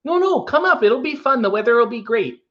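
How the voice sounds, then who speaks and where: A man's voice: extremely high pitch, animated, fairly quick, dull audio, pitched above the performer's own voice. A man doing a friendly, chatty Minnesotan man with a Minnesota accent, singsong and hospitable. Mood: folksy cheerful.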